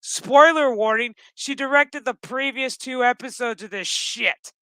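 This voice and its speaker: A woman in her thirties rants her way through a TV episode recap, swearing constantly and animatedly. Her voice is forceful and the sound is close and dry. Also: a little high, a little slow, few pauses, clean tone, no room sound. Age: 30s. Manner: ranting, heavy swearing, animated. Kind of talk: casual profane episode recap.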